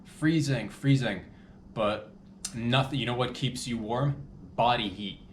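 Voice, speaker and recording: A man's voice: medium pitch, a little slow, roomy sound, a little hiss or hum. A man hosting a comedy podcast, rambling loosely with crude jokes and asides. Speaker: podcast host.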